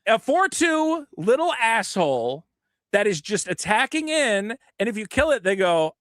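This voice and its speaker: Animated ranting podcast host. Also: male voice, high voice, unhurried, no room sound, clean studio sound. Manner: animated, profane ranting with acted quotes. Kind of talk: casual podcast chat.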